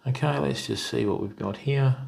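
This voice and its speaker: A man's voice: medium pitch, moderate pace, creaky, a little mellow. An Australian man hosting a casual live stream, chatting to viewers and calling them mate and bud. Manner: friendly, greets viewers by name, calls people mate and bud. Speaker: fishing stream host.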